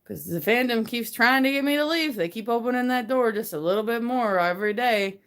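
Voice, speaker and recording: Excitable rambling woman on a phone livestream. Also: fairly high pitch, brisk. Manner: rambling, gets hyper and excitable. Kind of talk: casual livestream chat. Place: her messy bedroom. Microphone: phone camera.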